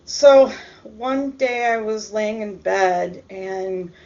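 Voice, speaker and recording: A woman recounts a personal story in a subdued, halting voice full of pauses and ums. Her tone has a gravelly fry. The recording sounds dull and lo-fi. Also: medium pitch, darkish tone. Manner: hesitant, halting, many ums. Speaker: storyteller vlogger.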